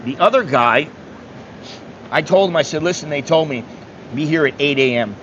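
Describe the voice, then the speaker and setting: A man from the United States tells a rambling travel story in a slightly high voice, blunt and swearing as he acts out the other people. The sound is dull and lo-fi, with a faint air-conditioner hum behind him. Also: moderate pace, fairly bright tone. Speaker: travel vlogger. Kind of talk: casual storytelling monologue.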